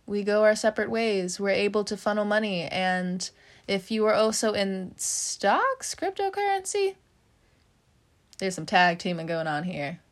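A woman giving a casual tarot reading, chatty, with many "you know" fillers, frequent little laughs and casual swearing. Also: medium pitch. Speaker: tarot reader.

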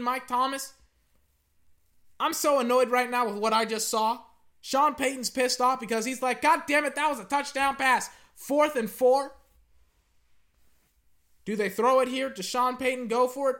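Ranting man calling a football game. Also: very high-pitched. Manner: animated, ranting, swears casually. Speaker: sports commentator. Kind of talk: casual live game commentary. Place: home living room. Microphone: desk microphone at home.

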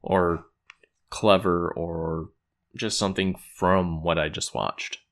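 Recapping an episode he wrote himself, a man speaks slowly in a low-pitched, fairly bright voice with fairly even intonation. He rambles easily, chuckles, leans on fillers, and keeps self-correcting.

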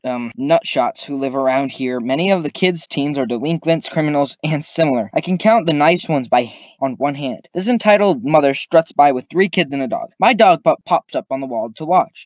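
A man's voice: a little high, no room sound. A man hosting a podcast, casually reading online stories aloud, stumbling and adding his own comments. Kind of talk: casual story reading with asides.

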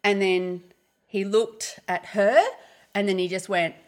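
A woman in her fifties telling lively personal anecdotes in casual chat, often breaking into laughter. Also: medium pitch, slow pace.

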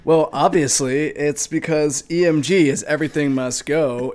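A man's voice: a little high, normal speed, hardly any pauses, a little mellow. A man co-hosting a podcast, chatting casually and often laughing. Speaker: podcast co-host.

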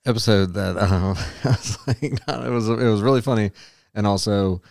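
This man co-hosts a podcast, wandering through stories and switching to a high voice whenever he acts out quotes. He speaks at normal speed with a gravelly, slightly mellow voice, in a dry, clean studio recording.

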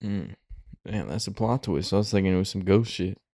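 A man's voice: deep voice, fairly quick, dark tone, no echo, clean studio sound. A young man in casual chat who listens to a friend's story and answers with teasing jokes and short quips. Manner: joking, laughing reactions and teasing quips.

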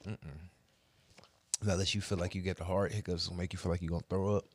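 A man's voice: low voice, flat delivery, fast talker, a little mellow, breathy edge, no room sound. A man co-hosting a casual podcast, joking and cursing in a laid-back way. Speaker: podcast co-host.

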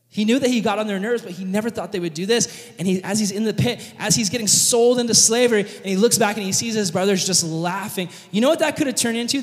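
High-voiced preacher telling a story. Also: male voice. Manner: animated, vivid storytelling. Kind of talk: sermon storytelling. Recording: long reverb of a large hall.

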